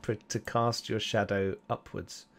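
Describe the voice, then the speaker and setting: A man with a lowish voice runs a tabletop game as game master. He narrates loosely and rambles, with plenty of fillers and chuckles along the way. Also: little pitch movement, a little slow.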